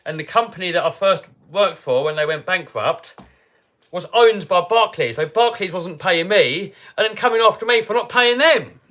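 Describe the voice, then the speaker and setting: A British man hosting a livestream, telling a story casually and animatedly, dropping to mutters and rising to loud outbursts. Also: high-pitched, lively intonation, normal speed. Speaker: livestream host.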